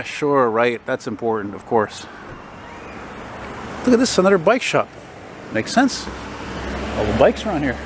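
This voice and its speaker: A man from Quebec with a French Canadian accent, talking casually and bluntly as he walks and films, swearing freely and grumbling about politicians. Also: sits high. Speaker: vlogger. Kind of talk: casual walking vlog commentary. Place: outdoors on a city street. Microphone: handheld camera mic while walking. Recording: street noise from passing cars. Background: passing traffic and street noise.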